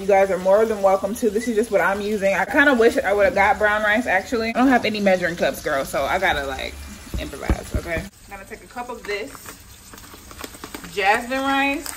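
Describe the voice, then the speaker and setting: A young woman at mid pitch chats her way through a home cooking vlog. She is slangy and speaks straight to her viewers. A faint sizzle of frying runs behind her voice. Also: slight background noise, rough recording. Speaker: vlogger and athlete. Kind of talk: casual cooking vlog narration. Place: home kitchen.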